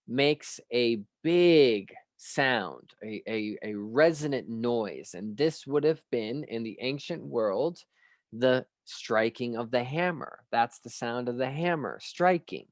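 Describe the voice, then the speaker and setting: A male lecturer talks through a reflective study session at a slow, unhurried pace, musing aloud and posing rhetorical questions. His voice sits at an ordinary middle pitch. The recording is dry and close, with no room echo. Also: lively intonation. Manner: measured and musing, with frequent pauses and rhetorical questions; clears his throat now and then. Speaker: spiritual studies lecturer.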